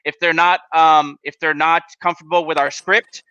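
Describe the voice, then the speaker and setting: A man hosting a casual business podcast, talking in an energetic coaching tone and asking rhetorical questions. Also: a little high, moderate pace, smooth, no echo, lo-fi sound. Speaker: podcast host.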